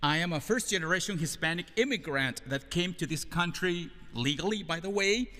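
A man with a Latin American Spanish accent, a native Spanish speaker, preaching an earnest, measured sermon with rhetorical questions. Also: on the high side, expressive, pushed and bright. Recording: hall reverb.

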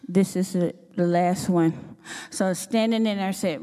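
A woman sharing a testimony at church, telling her story with animated, expressive delivery. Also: moderate pace. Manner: expressive, acts out her own quotes with sudden pitch jumps. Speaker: church speaker giving a testimony. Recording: long hall reverb.

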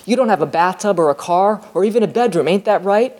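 A woman's voice: medium pitch, animated, quick pace, darkish tone, pitched above the performer's own voice, close to an everyday voice. A woman voicing a sneering schoolboy bully who goads a poorer boy, her voice raised a little above her own. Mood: taunting. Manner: sneering, goading schoolyard taunts. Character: taunting boy bully, police chief's son.

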